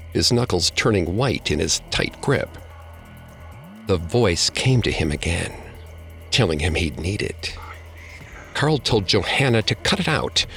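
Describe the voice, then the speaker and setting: A man reading a scripted horror story as narrator, dropping to a hush at tense moments. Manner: low, gravelly storytelling voice with dramatic hushed drops.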